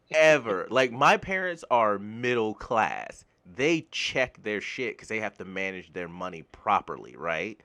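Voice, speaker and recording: Bright-voiced man ranting bluntly. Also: fairly low pitch, takes it slowly. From United States. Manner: blunt, swears freely, laughs at own jokes; animated, voice jumps up when worked up. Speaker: gaming YouTuber. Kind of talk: casual ranting commentary.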